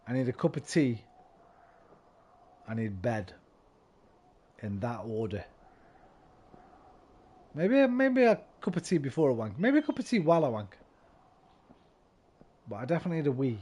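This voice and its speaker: A man signing off a game stream while tipsy, his words slightly slurred. He rambles and swears casually into a desk mic. His loud bursts drop suddenly into low, trailing mumbles.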